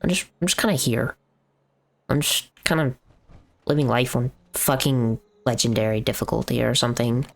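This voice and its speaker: A man's voice: medium pitch, steady tone, moderate pace, creaky. A young man talking casually on a live stream, venting in a rambling, profane way with lots of fillers.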